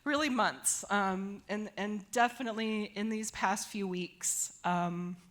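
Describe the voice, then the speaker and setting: Slow, folksy woman hosting a storytelling show. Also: medium pitch, a bit bright. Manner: hesitant, filler-heavy, folksy. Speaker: storytelling show producer and host. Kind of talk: casual live stage talk. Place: theater stage before a live audience.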